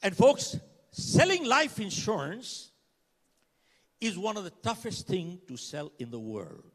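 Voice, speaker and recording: A man's voice: high voice, huge pitch swings, takes it slowly, a bit bright. An older man giving a motivational keynote, telling stories dramatically and acting out dialogue to the audience. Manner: dramatic storytelling, acts out dialogue, asks the crowd questions. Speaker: motivational speaker. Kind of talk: keynote speech to a live audience. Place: conference hall. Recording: reverberant hall sound.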